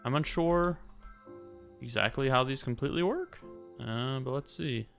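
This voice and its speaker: A young gaming YouTuber with a bright, gravelly mid-range voice does casual let's-play commentary. He's chatty, talks to the game characters and swings quickly into loud surprise, with faint music behind him.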